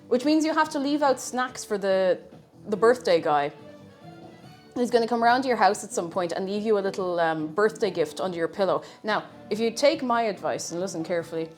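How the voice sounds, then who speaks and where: A woman chatting casually and playfully with her viewers while cooking in her home kitchen on a livestream. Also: medium pitch. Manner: playful rambling banter with chat. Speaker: streamer. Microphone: streaming mic.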